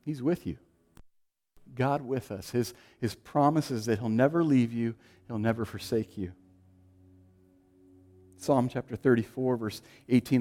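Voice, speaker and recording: A man preaching a sermon, swinging from loud, emphatic lines to hushed, quiet ones. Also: mid-range voice, unhurried, pauses often. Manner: dynamic, shifting from loud to hushed. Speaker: pastor.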